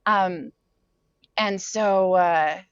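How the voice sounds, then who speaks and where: A woman's voice: fairly low pitch, extremely slow, clean tone, no echo, dull audio. Woman recounting a story, casual and filler-heavy. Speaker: podcast guest. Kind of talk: personal storytelling in conversation.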